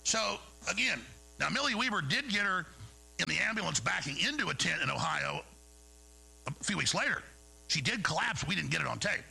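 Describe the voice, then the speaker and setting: Gravelly, fired-up male talk host. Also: sits high, very animated, moderate pace, pauses often, pushed and bright, rough recording. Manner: angry, digressive, mocking impressions. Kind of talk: ranting monologue.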